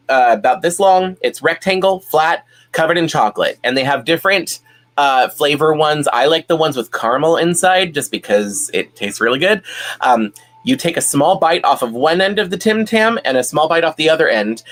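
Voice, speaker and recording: A man's voice: a little high, a bit bright. A man hosting a casual live stream at home, chatting and reading viewer comments, rambling with many fillers and restarts.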